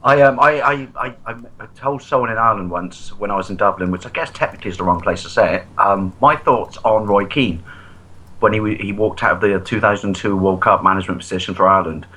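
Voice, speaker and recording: A man's voice: on the low side, brisk, pushed and bright, low-quality recording. An English man co-hosting a podcast, chatting casually in profane, jokey rants. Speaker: podcast co-host. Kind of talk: casual chat.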